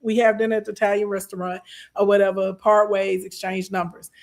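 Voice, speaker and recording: A young adult woman, casually telling a story to her live stream chat, sassy and animated. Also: medium pitch, brisk, vocal fry. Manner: animated, sassy, acts out quoted voices.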